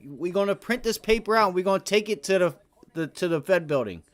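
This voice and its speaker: A man with a somewhat high voice talks through live market commentary on his trading stream. His talk is loose and full of slang, and it often rises into loud, heated rants. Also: lively intonation, fairly quick, soft background music. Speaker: day trading livestream host.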